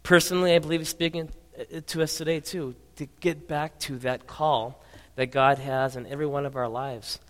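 A man preaching a sermon as pastor, dropping to soft low tones and then rising with force. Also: steady tone, moderate pace. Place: church sanctuary. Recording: reverberant hall.

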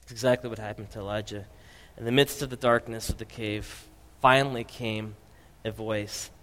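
A man preaching a sermon as pastor, dropping to soft low tones and then rising with force. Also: fairly even intonation, normal speed. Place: church sanctuary. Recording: reverberant hall.

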